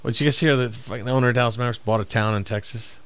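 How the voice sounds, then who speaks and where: A man co-hosting a podcast, ranting in an exasperated, animated way with lots of swearing in casual chat. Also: medium pitch, very fast, clear, resonant tone.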